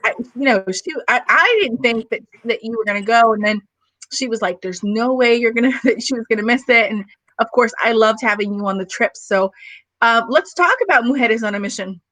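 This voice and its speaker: A woman hosting an interview chat over a video call, warm and encouraging with her guest. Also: on the high side, brisk, no room sound, low-quality recording. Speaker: host.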